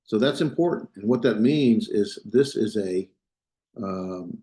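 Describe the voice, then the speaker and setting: A man's voice: lowish voice, animated, measured pace, dark tone, roomy sound. A man lecturing a class, talking loosely with frequent restarts and checking in with his students. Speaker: Biblical Hebrew teacher.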